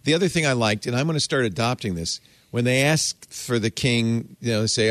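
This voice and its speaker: A man hosting a casual tech podcast, animated and jokey, going soft and low when talking about something personal. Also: fairly quick, hardly any pauses, dry recording. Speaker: host.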